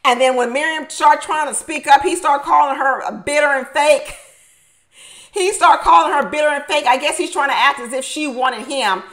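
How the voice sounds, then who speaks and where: A woman with a high voice recaps a reality show in a loose, chatty way. She is animated and emphatic, laughs a lot, and says her favorite lines two or three times over. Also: moderate pace, poor audio.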